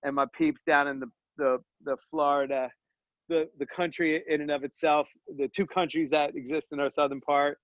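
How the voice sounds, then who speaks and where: A man's voice: fairly high pitch, normal speed, no echo, lo-fi sound. Joking, rambling male coach. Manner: energetic, joking, rambling with slang asides. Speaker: podcast guest, dental business coach and author. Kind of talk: casual podcast conversation.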